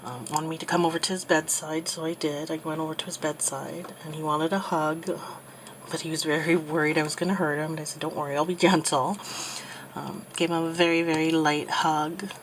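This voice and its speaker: A woman in her thirties telling a personal story while crafting, soft and halting with many pauses, becoming tearful. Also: deep voice, fairly even intonation, slight background noise, poor audio. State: tearful, getting emotional. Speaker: crafting channel host.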